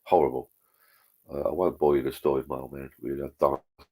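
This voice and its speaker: A man's voice: very deep voice, little pitch movement, quick pace, dark tone. A middle-aged man hosting a live stream, chatting bluntly with plenty of swearing and reading out viewer comments. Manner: blunt, sweary, rambling pub talk.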